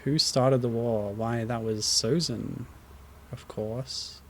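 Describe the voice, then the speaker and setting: A man with a gravelly, fry-edged voice talks through a web game in loose, casual commentary. He sounds worn out and low on energy, and he throws in dry, wry jokes at what is on screen. A faint hiss sits under his voice. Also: steady tone, slow, a bit bright. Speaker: streamer.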